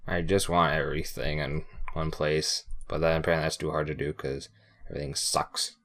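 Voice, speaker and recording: A man's voice: very deep voice, little pitch movement, a little fast, fairly bright tone. A man co-hosting a casual podcast who cracks sarcastic, crude jokes. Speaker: podcast co-host.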